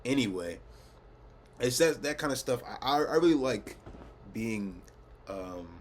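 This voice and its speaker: A man's voice: mid-range voice, animated, measured pace, a little hiss or hum. A young man rambling casually to camera, laid-back, swearing often and laughing at himself. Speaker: vlogger. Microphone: camera mic.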